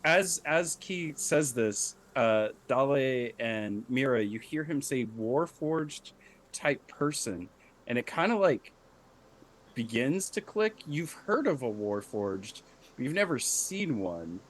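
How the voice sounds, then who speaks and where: A man narrating as game master of a tabletop game, describing the scene in a measured way. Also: medium pitch, very animated.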